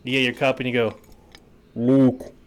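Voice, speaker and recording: Podcast co-host, male, mid-pitched, teasing and halting. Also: background noise. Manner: teasing, halting with many restarts. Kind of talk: casual podcast chat.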